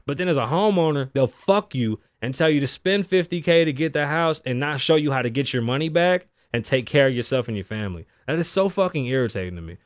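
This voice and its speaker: A man's voice: medium pitch, lively intonation, quick pace, hardly any pauses, dry recording, studio quality. Blunt, foul-mouthed man hosting a talk show. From Las Vegas, Nevada (lives there). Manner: blunt, heavy swearing, reads news aloud and riffs. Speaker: podcast host. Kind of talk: casual talk-show commentary, profane.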